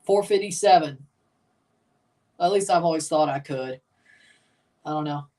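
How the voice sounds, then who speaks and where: A man's voice: a little high, unhurried, a little mellow, far from the mic. Offhand man reacting on a livestream. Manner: offhand, muttering asides, swears casually. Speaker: livestream host. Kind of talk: casual live reaction commentary.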